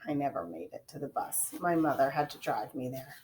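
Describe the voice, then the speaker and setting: A woman reading a children's chapter book aloud in a gentle storytelling manner, dropping to quiet whispers at times. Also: very deep voice, lively intonation, a little fast, a little hiss or hum. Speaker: reader.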